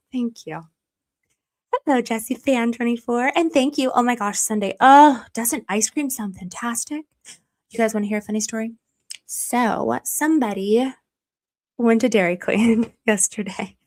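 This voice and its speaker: A woman's voice: fairly high pitch, no room sound. A woman hosting a casual livestream, reading viewer super chats, gushing and emotional, often trailing into a whisper. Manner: gushing and emotional, many restarts, drops to a whisper. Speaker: livestream host.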